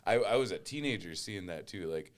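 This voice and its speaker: A man co-hosting a podcast, talking in casual chat with enthusiastic, halting speech. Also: sits low, animated. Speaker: podcast co-host.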